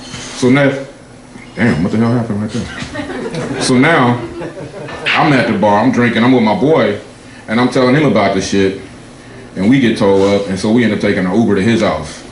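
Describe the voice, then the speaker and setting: A man doing a profane stand-up set, telling loose stories and jumping high in pitch for his punchlines. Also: moderate pace, long pauses. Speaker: stand-up comedian. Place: comedy club stage before a laughing audience. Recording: echoey club room with crowd noise.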